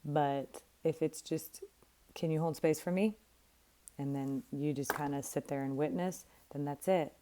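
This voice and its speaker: A middle-aged woman speaks as a coach in a candid, emphatic way. Her voice sits low and sounds mellow and relaxed. She talks plainly and is not shy about an occasional curse. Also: unhurried, slight background noise. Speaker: life coach. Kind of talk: casual direct-to-camera talk.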